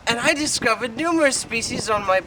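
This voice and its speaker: Lightly acted and brisk, this mid-range, expressive voice belongs to a performer portraying a rambling, earnest male Victorian naturalist in an amateur comedy sketch. Now and then a mock Australian twang creeps in. The audio comes from a distant home video with faint hiss.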